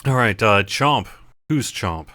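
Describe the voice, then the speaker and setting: A man with a lowish voice acts as game master for a tabletop game over voice chat. He talks in a hesitant way, with plenty of fillers. The sound is dry and close. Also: expressive, takes it slowly, bright, forceful tone, dry recording.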